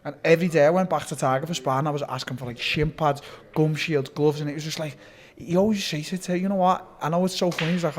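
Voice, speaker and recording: A man, speaking as a guest in a casual sit-down interview, telling stories in a rapid, animated way with lots of swearing and restarts. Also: on the high side. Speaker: interviewee, fighter.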